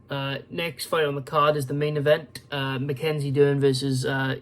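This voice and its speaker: A man's voice: mid-range voice, level tone, moderate pace, few pauses, a bit bright. A tired man hosting his own channel, giving rambling casual fight predictions with many fillers and restarts. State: tired, yawning. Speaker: MMA prediction channel host.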